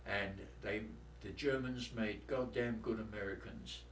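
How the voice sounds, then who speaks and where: A man's voice: fairly low pitch, steady tone, measured pace, distant mic. An old man with a London accent tells war stories bluntly, with a salty turn of phrase. He sits some way from the mic in an echoey room, with a faint hiss underneath. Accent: London English. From London, England. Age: 80s. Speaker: war veteran interviewee. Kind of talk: oral history storytelling.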